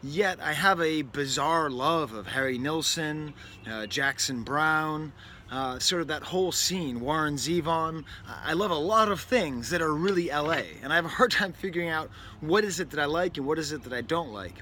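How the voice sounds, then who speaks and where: A man's voice: on the high side, moderate pace, bright, forceful tone. A man from New England hosting a casual record review, talking in a rambling, wry way with lots of self-interruptions and asides. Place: indoors near a window, with a bird outside. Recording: faint background noise.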